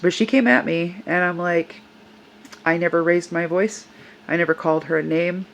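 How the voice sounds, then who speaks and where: A woman's voice: fairly low pitch, fairly even intonation, moderate pace, vocal fry, slight background noise, low-quality recording. Older woman earnestly retelling an upsetting event. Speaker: service dog handler. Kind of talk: personal storytime vlog.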